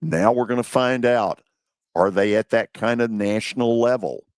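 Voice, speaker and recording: A man hosting a sports talk show, chatting casually about football in a relaxed, unhurried way with drawn-out pauses. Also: medium pitch, clean tone, no echo, clean studio sound. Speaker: radio show host.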